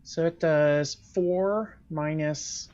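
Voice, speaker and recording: A man's voice: fairly high pitch, fairly even intonation, very slow, darkish tone, lo-fi sound. A man running a tabletop game as game master, explaining rules and results with hedges and fillers.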